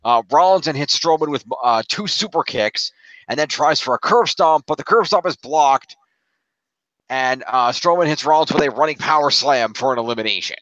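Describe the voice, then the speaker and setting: A man's voice: on the high side, moderate pace, fairly bright tone, dry recording. A man co-hosting a podcast, steadily recapping a wrestling match blow by blow with frequent "uh" fillers. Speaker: podcast co-host. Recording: dull, muffled mic.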